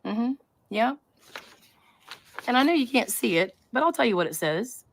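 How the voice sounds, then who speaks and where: A woman's voice: fairly high pitch, lively intonation, moderate pace, gravelly. A woman hosting a live stream, talking to her chat in a rambling, conspiratorial way and often interrupting herself. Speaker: livestream host.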